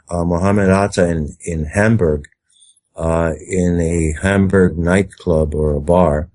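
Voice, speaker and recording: A man's voice: low-pitched, mellow. A man interviewed as a guest, talking at length in an emphatic, rambling way and acting out quoted speech. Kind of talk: conspiracy talk interview.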